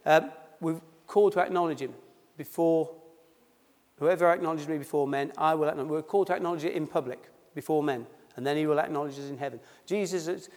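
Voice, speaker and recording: A fast-talking pastor with a slightly high, somewhat mellow voice delivers a sermon at a baptism service. Dropping his H's, he reads scripture and then explains it in simple, conversational terms, all echoing with long reverb in a church hall.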